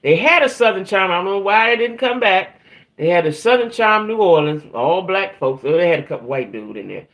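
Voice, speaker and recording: A woman's voice: on the low side, animated, a little fast, fairly bright tone. A woman hosting a casual livestream who rambles chattily, talks straight to her viewers and trails off while searching for names. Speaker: host of a reality TV talk channel.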